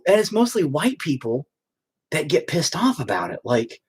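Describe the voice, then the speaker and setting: A man's voice: fairly high pitch, huge pitch swings, moderate pace, slightly rough. A man in a rambling, profane ranting monologue, full of stop-start restarts. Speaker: vlogger.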